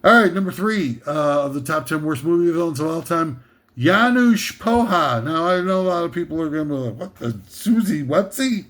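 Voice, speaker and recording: A man's voice: fairly high pitch, animated, a little fast, a bit bright. A man hosting a comedic countdown, ranting sarcastically in a rambling way with many hesitations and fillers. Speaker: comedic list host.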